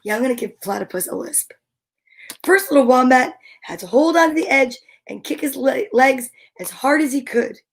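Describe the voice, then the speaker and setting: A woman reading picture books aloud to children, gentle and encouraging, asking questions and counting along with them. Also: high voice, normal speed. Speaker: children's story reader.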